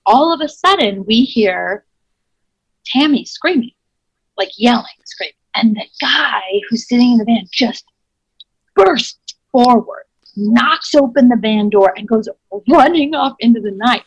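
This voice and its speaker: This improv actor has a somewhat high, slightly rough voice with lively intonation and an unhurried pace, captured with no echo but dull audio. Chatty and full of "like," she acts out quotes while telling an animated, wild anecdote from her own life.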